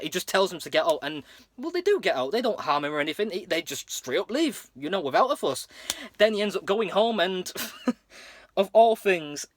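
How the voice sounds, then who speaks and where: Man, casual episode recap, rambling, fairly high-pitched, dry close sound. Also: a bit bright, no room sound. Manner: rambling, many fillers and restarts. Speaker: episode reviewer.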